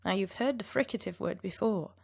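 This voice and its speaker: A woman with a German accent teaches pronunciation, taking learners through it clearly and patiently. Her voice sits at a middle pitch, and her explanations have a light, playful touch. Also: brisk. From western Germany. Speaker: language teacher. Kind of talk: pronunciation lesson.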